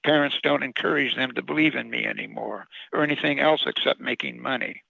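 Gravelly, downcast old Santa as a man reads him, bright-edged tone, dull lo-fi radio sound. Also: medium pitch, a little fast, no echo, heavily acted. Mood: weary, bitter. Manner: sad, tired, complaining. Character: weary, sad, aging Santa Claus. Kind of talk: storybook reading.

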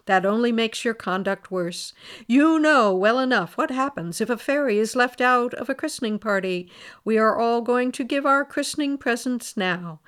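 A woman voicing the oldest and most wicked fairy, haughty and scolding, in a smooth voice. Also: fairly high pitch, lively intonation, moderate pace. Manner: sharp, scolding, commanding.

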